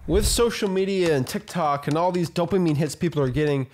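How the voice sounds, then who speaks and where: A man with a somewhat high voice teaches real estate wholesaling straight to camera. His delivery is blunt and emphatic, and he hammers the same points home in casual, slangy speech. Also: a little fast. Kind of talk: direct-to-camera teaching monologue.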